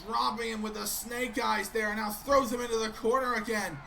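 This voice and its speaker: High-pitched excitable male game commentator. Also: moderate pace, creaky, noisy background. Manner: excitable, keeps breaking off with "wait a minute". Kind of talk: play-by-play commentary of a video game.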